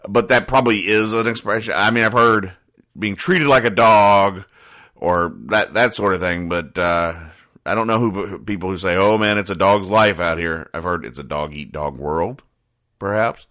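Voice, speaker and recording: A man's voice: fairly low pitch, moderate pace, sharp tone. A man hosting a comics-reading show, talking casually with dry, wry asides and frequent hesitations. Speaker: host reading newspaper comics. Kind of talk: casual commentary.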